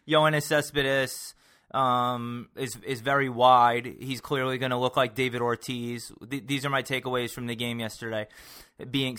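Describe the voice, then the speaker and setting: A man's voice: mid-range voice, bright, forceful tone. A man hosting a casual sports podcast, rambling and teasing his co-host while trying to keep the energy up.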